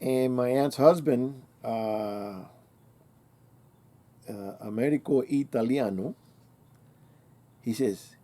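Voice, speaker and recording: Mellow-voiced older man telling stories. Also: mid-range voice, slow pace, long pauses. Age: 60s. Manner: rambling, self-correcting, colloquial. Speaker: channel host. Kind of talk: casual storytelling monologue.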